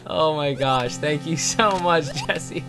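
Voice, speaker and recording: A man live-streaming a video game, chatting with his viewers and gushing thanks, sometimes bursting into shouts. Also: fairly high pitch, slow pace. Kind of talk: live-stream chat while playing. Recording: background music under voice. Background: game music.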